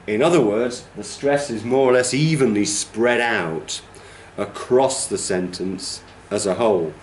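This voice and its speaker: In an echoey room with a faint hiss or hum, a man with a lowish voice lectures a class at a measured pace. He's a teacher trainer who explains patiently, asks "okay?" to check in, and hums and counts to show rhythms.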